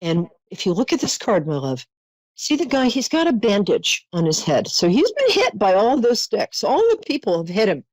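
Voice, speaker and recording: A woman's voice: mid-range voice, wildly swooping pitch, normal speed, a little mellow, no echo, rough recording. Middle-aged woman, psychic call-in host, earnest and comforting, dry close studio sound. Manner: earnest, reassuring, emotional, endearments.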